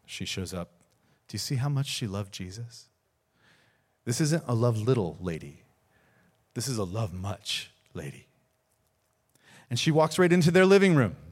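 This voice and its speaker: A man, a pastor, preaching a sermon, telling a story earnestly with repeated words and rising emphasis. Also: mid-range voice.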